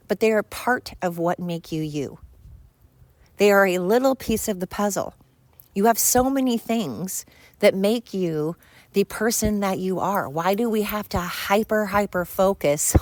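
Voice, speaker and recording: A woman's voice: fairly low pitch, no room sound. A woman hosting a solo podcast, ranting bluntly and crudely, rambling with fillers and exasperated asides. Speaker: podcast host. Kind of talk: solo opinion podcast rant.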